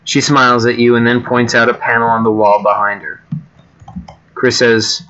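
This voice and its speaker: Bright-voiced man reading stories casually. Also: medium pitch, flat delivery, normal speed, highs cut off. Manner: chatty, breaks off with fillers and asides. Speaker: reader and creator of homemade games. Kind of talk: casual read-aloud of generated stories.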